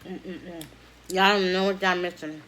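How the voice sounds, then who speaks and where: A woman chatting casually while eating fried chicken for a vlog, slangy and relaxed, humming with pleasure between bites. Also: lowish voice, normal speed, slight background noise. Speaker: mukbang vlogger.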